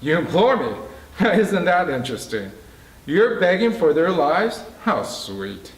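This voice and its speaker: A man's voice: a little high, very animated, a little slow, pitched above the performer's own voice. A man reading the part of a mocking, scheming male prison boss with a smug, taunting manner. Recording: roomy, distant mic.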